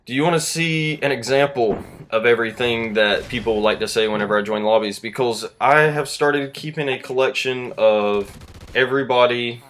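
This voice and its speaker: A man's voice: medium pitch, normal speed, fairly bright tone, a little hiss or hum. A man in his twenties with a Southern US accent, rambling through a casual story to camera. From Southern United States. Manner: rambling, easygoing, self-deprecating. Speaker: YouTuber.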